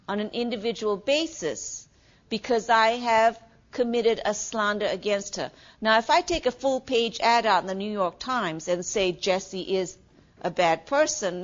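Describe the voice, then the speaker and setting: A woman's voice: mid-range voice, muffled recording. A middle-aged woman giving a classroom lecture as a nursing instructor, talking conversationally, asking the class questions and saying "okay" often.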